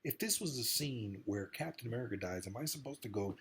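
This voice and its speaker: A man's voice: mid-range voice, animated, fairly quick, fairly bright tone, a little hiss or hum. A man giving an impassioned, rambling monologue straight to the camera, urging and warning with emphatic repetition. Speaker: political commentator.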